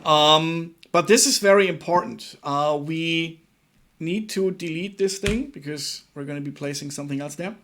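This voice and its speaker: A man's voice: a little high, a bit bright, slight background noise. German-accented man thinking aloud while coding. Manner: halting, repeats words, thinks aloud while working. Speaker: livestream programming tutor. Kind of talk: casual live-coding explanation.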